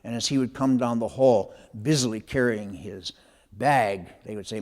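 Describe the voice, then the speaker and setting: An older man, an author, telling a story from his own schooldays in an animated, conversational way. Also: medium pitch, moderate pace. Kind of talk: spoken memoir storytelling.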